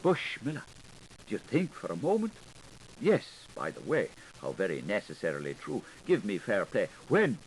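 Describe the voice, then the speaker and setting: A man's voice: lowish voice, wildly swooping pitch, moderate pace, a little hiss or hum, poor audio. A man reading an unabridged literary audiobook in a theatrical way, switching between the voices of questioners and the one who answers. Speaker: audiobook reader.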